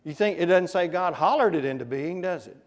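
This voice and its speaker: A man's voice: sits high, lively intonation, brisk, big-room sound. A man preaching a conversational sermon, often putting questions to his congregation. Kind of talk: interactive Bible class sermon. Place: church.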